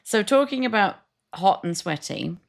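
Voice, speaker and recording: A woman's voice: medium pitch, lively intonation, normal speed, creaky. A woman with a New Zealand accent, co-hosting a podcast as a chatty storyteller who laughs often. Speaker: podcast co-host. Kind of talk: casual chat.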